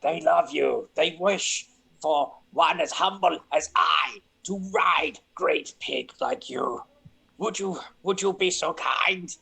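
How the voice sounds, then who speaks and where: Husky goblin, broken grammar, slow and earnest, put on by a player. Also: mid-range voice, sharp tone, voice pushed up, exaggerated voice. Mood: pleading.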